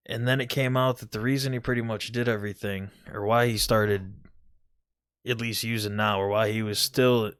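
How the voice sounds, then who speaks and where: A man's voice: on the low side, fairly even intonation, fairly quick, clear, resonant tone, no room sound, clean studio sound. A man telling a rambling, profane story about a gaming friend from his home gaming setup, full of restarts and quoted dialogue. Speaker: gaming video host. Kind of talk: casual storytelling monologue.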